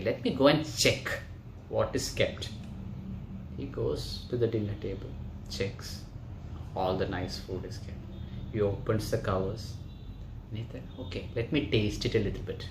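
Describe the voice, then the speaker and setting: A man's voice: mid-range voice, slight background noise. A yoga teacher, a man, telling a story to his class in a chatty way, often checking in with them. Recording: roomy echo.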